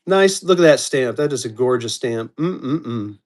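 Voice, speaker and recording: A man's voice: mid-range voice, animated, unhurried. A man hosting a live-stream auction, chatting casually and calling out bidders as they come in. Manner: upbeat, chatty, calls out bidders.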